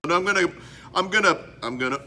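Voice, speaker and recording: A man's voice: high voice, animated, quick pace, pushed and bright, slight background noise. A man from Canada hosting a casual show-and-tell vlog about his collectibles, rambling and interrupting himself as he goes. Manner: rambling, self-interrupting, chatty. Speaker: host.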